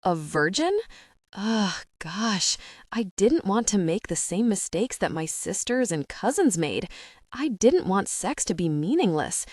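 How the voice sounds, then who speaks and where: A woman's voice: mid-range voice, big pitch swings, measured pace, darkish tone, no echo. Haley, a hurt young woman fighting back tears, her voice rising and falling widely as she accuses him, read by a woman narrator. The reading sounds dry and close. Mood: tearful. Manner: tearful, accusing.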